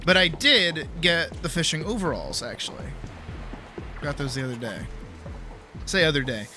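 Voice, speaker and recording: A man with a rather high, bright and forceful voice rambles playfully through a gaming livestream. He swears casually and chats with viewers as he plays. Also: lively intonation, moderate pace, soft background music. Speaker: streamer.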